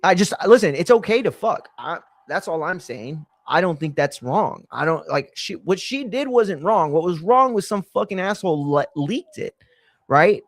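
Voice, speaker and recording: A man's voice: high-pitched, lively intonation, moderate pace, dry recording. A young man chatting casually through a wrestling watch-along, rambling with many fillers and casual swearing. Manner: rambling, profane, lots of fillers. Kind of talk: casual live chat.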